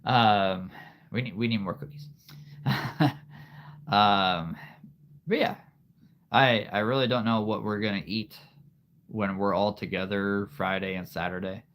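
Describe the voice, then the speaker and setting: A man's voice: fairly low pitch, fairly even intonation, unhurried, pauses often, a bit bright. A man hosting a casual livestream, rambling to his viewers with many fillers and frequent laughs. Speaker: livestream host.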